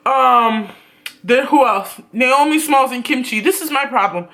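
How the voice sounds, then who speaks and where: A man giving a blunt, profane, animated ranting review on his vlog. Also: very high voice, unhurried. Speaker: YouTube reviewer.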